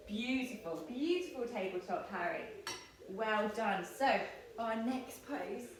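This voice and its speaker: A woman in her thirties teaching yoga to children, giving gentle, playful, encouraging instructions. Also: mid-range voice, expressive, slow. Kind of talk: guiding a kids' yoga class. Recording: echoey room, distant mic, faint noise.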